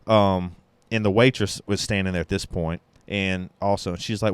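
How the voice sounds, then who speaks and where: Deep-voiced man telling a story. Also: steady tone, moderate pace, clear, resonant tone, no room sound. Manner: blunt, swears freely, rambling with restarts; sips beer while talking. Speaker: podcast host. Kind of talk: casual storytelling.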